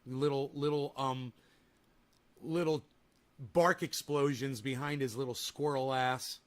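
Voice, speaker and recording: A man's voice: mid-range voice, steady tone, a little slow. A man hosting a casual livestream, reading viewer comments and trash-talking in a crude, taunting way. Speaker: livestream host.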